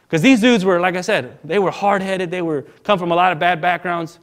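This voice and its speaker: A man preaching in a relaxed, story-driven way, slipping into quoted voices as he goes. His voice sits a little higher than most men's. The talk is casual and lively. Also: fairly quick, hardly any pauses. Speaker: minister. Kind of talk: sermon storytelling.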